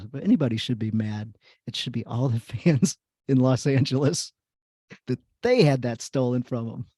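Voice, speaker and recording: A man's voice: mid-range voice, moderate pace, mellow, breathy edge, dry recording. A man hosting a podcast, telling a personal story in casual chat, rambling with many fillers. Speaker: podcast host.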